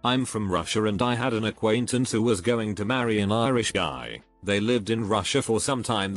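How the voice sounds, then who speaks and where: A man narrating forum posts in a steady, matter-of-fact read-aloud style. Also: fairly low pitch, dry recording. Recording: soft music underneath.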